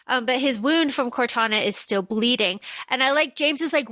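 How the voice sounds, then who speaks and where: A woman's voice: a little high, moderate pace, hardly any pauses, no room sound, studio quality. A woman co-hosting a podcast, chatting casually about a book and acting out characters' lines as she recaps. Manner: animated, acts out characters' lines mid-recap. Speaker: podcast co-host.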